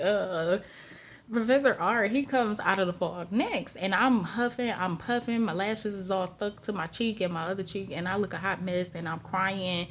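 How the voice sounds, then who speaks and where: A woman casually telling a story to her vlog audience, animated and colloquial, repeating phrases and laughing now and then. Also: medium pitch, a little hiss or hum. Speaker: storytime vlogger.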